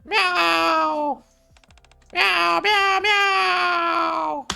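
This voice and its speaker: A man doing a shrill wailing kitten. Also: steady tone, drawn-out words, creaky, faint music behind, exaggerated voice. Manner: loud shrill meowing. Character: small abandoned female kitten, wailing.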